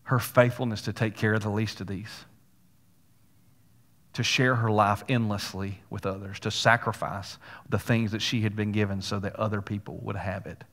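Pastor preaching in a reverberant hall. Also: male voice, on the low side, steady tone, normal speed, a bit bright. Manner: folksy storytelling with casual asides. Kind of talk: sermon.

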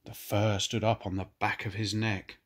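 An older man, a grandfather, gently reading a picture book aloud to children and pointing out the pictures. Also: on the low side, flat delivery, normal speed. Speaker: grandfather storyteller.

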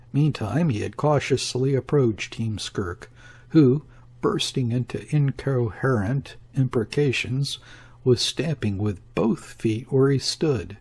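A man reading a classic novel aloud as an audiobook narrator, in a measured, even manner. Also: mid-range voice, breathy edge. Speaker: audiobook reader. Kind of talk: scripted literary narration.

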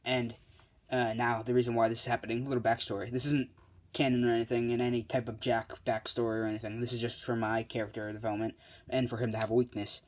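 A man's voice: medium pitch, little pitch movement, quick pace, darkish tone. Rambling young man telling a fan story. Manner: rambling, frequent "uh" and self-corrections, laughs at own story. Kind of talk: improvised fan-fiction storytelling.

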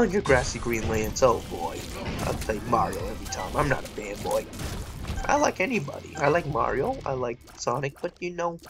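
A woman hosting a gaming channel, giving rambling, self-mocking let's play commentary that breaks into yells and laughter during tense fights. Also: extremely low pitch.

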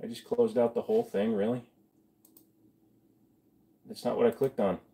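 A man's voice: mid-range voice, little pitch movement, moderate pace, dark tone. A man hosting a casual livestream, reading chat aloud and answering viewers while feeling sick to his stomach. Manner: chatty, reads chat aloud, mumbles asides. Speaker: livestream host.

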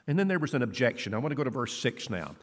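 A man delivering a conversational sermon as preacher, acting out quoted dialogue with lively shifts in voice. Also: racing. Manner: conversational, acts out quoted dialogue with rising pitch. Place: church hall. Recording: long church reverb.

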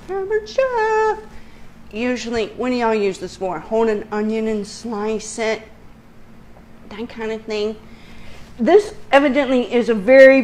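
Lady cooking at home, high swoopy voice, takes her time, lotsa ums and giggles. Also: slight background noise. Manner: giggly, excitable, lots of ums. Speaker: home cooking show host. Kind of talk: casual cooking chat. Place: home kitchen.

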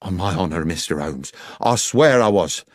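A man's voice: animated, moderate pace, dry recording, studio quality. A man voicing a weary, defensive male railway guard in an audiobook, respectful but protesting. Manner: respectful, protesting, raised pitch.

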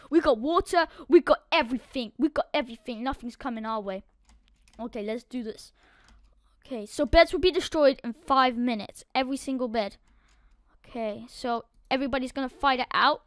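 A woman narrating her game play as she goes, excitable, swinging from quiet muttering to loud outbursts. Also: high voice, clear, resonant tone, no echo, studio quality. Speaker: gaming YouTuber. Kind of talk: live game commentary.

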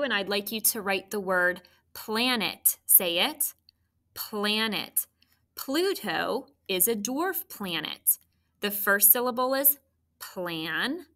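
Slow, bright-voiced woman teaching spelling. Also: medium pitch. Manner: clear, patient, prompting questions. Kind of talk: recorded spelling lesson for children.

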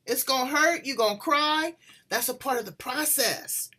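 A woman hosting a talk show, telling stories in an animated, exclamatory way during a casual, faith-filled chat. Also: high voice, normal speed.

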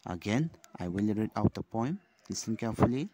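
A man's voice: lowish voice, expressive, brisk, hardly any pauses, warm tone, dry recording. A man with a Manipuri accent teaching a lesson. He reads a children's poem aloud, then explains it in a mix of English and Manipuri. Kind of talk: classroom lesson video.

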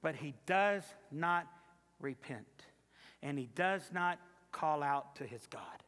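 A male pastor tells a story through an emphatic sermon and hammers his points with repetition. His voice is high and sharply bright. A long reverb rings through the church sanctuary. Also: animated, slow pace.

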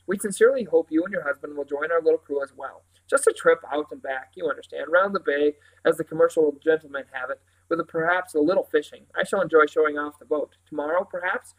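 Brief: man reading smooth, overly courteous yacht owner, old-fashioned phrasing, raised pitch. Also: fast, hardly any pauses, poor audio.

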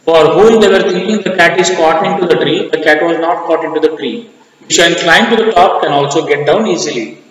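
Indian man teaching a poem, echoey. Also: on the high side. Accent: Indian English. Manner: explains each word slowly, asks and answers his own questions. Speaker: English teacher. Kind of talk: classroom poem explanation. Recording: echoey, reverberant room.

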